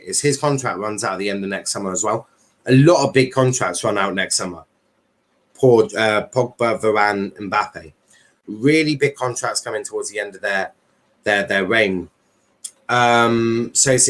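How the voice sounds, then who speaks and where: A man hosts a relaxed football chat livestream in a fairly low voice. He rambles, piling up ums and restarting his sentences as he goes. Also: moderate pace. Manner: rambling, many fillers and restarts. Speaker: livestream host. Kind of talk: casual football chat stream.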